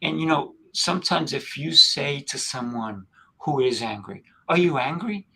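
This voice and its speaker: Male co-host, life coach, husky voice, calm teacher manner. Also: mid-range voice, measured pace, rough recording. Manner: calm, teacherly, acts out dialogue. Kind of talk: casual spiritual chat.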